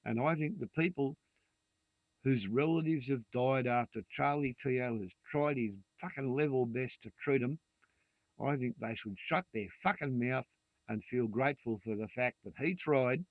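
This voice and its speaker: Ranting profane older Australian man, gravelly. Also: mid-range voice, normal speed, no room sound. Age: 60s. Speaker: vlogger. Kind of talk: angry rant to camera. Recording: dry tinny phone-like sound.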